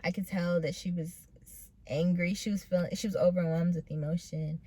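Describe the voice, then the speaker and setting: Young woman in her late teens, low pitch, earnest vlog confessional, halting and emotional. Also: fairly even intonation, warm tone. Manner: hesitant, full of pauses and "like" fillers; earnest and emotional, close to tears. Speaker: vlogger telling her own story. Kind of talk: personal storytelling.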